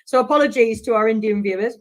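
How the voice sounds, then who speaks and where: Woman co-host, fairly high voice, jokey, keeps the chat moving. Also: fast. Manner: steers the conversation, jokey. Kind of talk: casual panel chat.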